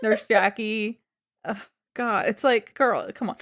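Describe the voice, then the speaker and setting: A woman co-hosts a casual podcast that recaps a reality show. She talks in an everyday, middle-pitched voice and is chatty and easy-going. She laughs often and throws in quick reactions. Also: steady tone, fairly bright tone. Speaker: podcast co-host.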